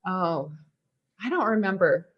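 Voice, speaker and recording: A woman's voice: fairly low pitch, expressive, a little slow, husky, dull audio. A woman hosting a podcast, chatting casually and animatedly, laughing often. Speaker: podcast host. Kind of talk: casual conversation.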